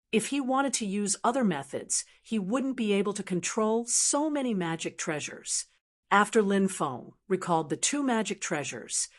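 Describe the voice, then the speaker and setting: A woman narrating a fantasy web-novel audiobook in an even, steady reading. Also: medium pitch. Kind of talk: scripted narration.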